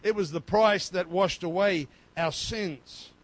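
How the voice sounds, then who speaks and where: A man preaching a sermon as pastor, swinging between loud, fervent passages and quiet, low stretches. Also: takes it slowly, low-quality recording.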